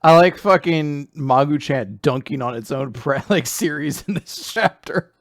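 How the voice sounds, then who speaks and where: A man's voice: fairly high pitch, a little slow, dry recording, clean studio sound. A man co-hosting a podcast, laid-back, laughing and swearing casually. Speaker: podcast co-host. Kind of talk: casual chat.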